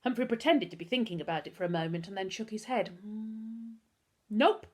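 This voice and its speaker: A woman, a teacher, reading a children's book aloud with expressive storytelling. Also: medium pitch, quick pace.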